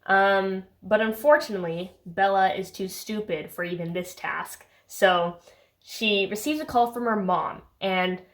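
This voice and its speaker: A woman's voice: medium pitch, unhurried. Sarcastic young woman chatting about books. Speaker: book vlogger. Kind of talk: casual chat.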